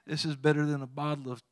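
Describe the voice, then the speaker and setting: A man's voice: fairly high pitch, no echo, clean studio sound. A man preaching a sermon, quoting scripture with rising fervor and chuckling asides. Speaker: pastor.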